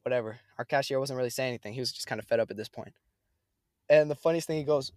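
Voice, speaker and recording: A man's voice: mid-range voice, rapid-fire, a little mellow, dry recording, studio quality. Slangy young man telling a story. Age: young adult. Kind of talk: casual chat.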